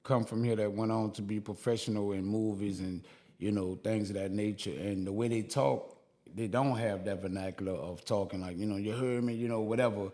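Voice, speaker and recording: A man's voice: lowish voice, steady tone, a little fast, mellow. Rambling, reflective New Orleans man. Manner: reflective, rambling with many fillers. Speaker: podcast co-host. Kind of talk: casual chat.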